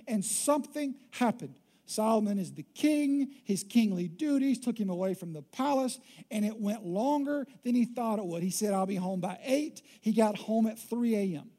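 A preacher delivers a sermon in a loose, joking, conversational way. The voice is mellow and warm, sitting at a middle pitch. The delivery is animated and chatty.

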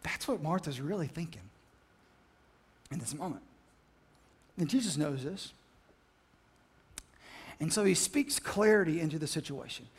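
A man preaching a sermon, telling the story with animated, dramatic delivery. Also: on the high side, unhurried, pauses often, breathy edge. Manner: animated storytelling, acts out the scenes. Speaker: pastor.

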